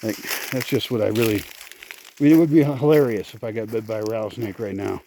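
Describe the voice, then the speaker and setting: A man talks to the camera outdoors on his land in a casual, sardonic way, often swearing and muttering to himself. His voice is mellow and relaxed. A faint hiss of background noise sits under the recording. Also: lowish voice, quick pace. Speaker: vlogger. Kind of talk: casual walking vlog.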